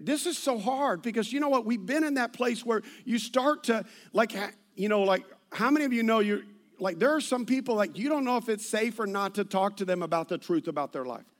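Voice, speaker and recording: A man's voice: high voice, expressive, a little fast. A middle-aged man, a pastor preaching a sermon full of personal stories, telling them animatedly with many restarts and asides.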